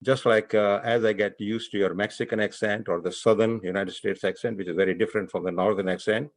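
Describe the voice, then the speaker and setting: A man with an Indian accent who teaches physicians, speaking on a webinar panel in a halting way, with many fillers and repeated words. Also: lowish voice, steady tone, no echo.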